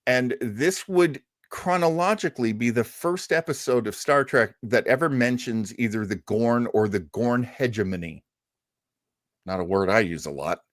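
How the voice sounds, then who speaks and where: A man's voice: mid-range voice, normal speed, dry recording, clean studio sound. A man co-hosting a casual review show, rambling and stumbling over his words with fan enthusiasm. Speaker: podcast co-host.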